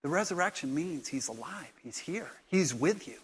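A man preaching a sermon in church, animated, jumping from quiet remarks to loud acted-out lines. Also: fairly high pitch, moderate pace, slightly rough. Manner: animated, acts out dialogue with sudden loud bursts. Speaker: pastor.

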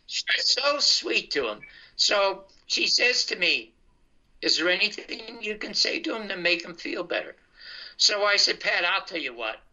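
An older man spins a long anecdote, acting out both sides of the conversation. His voice is very bright and forward. It comes through a muffled, dulled internet call line. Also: sits high, measured pace. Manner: animated storyteller quoting others in dialogue. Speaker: guest comedian. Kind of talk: storytelling anecdote. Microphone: video call.

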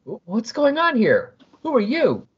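A man voicing a nervous, bumbling space pirate who stammers and bluffs in a husky voice on a dull recording. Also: high voice, lively intonation, brisk, voice pushed up.

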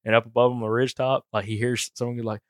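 A man's voice: medium pitch, racing, no echo, clean studio sound. A man co-hosting a hunting podcast, telling stories in a rambling, casual way. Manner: rambling storyteller, animated retellings. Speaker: podcast co-host.

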